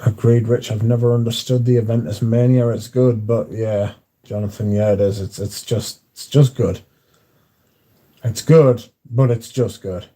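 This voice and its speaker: A man's voice: mid-range voice, fairly even intonation, measured pace, dark tone. A man hosting a livestream in casual chat, reading out viewer comments and answering them in a dry, offhand way.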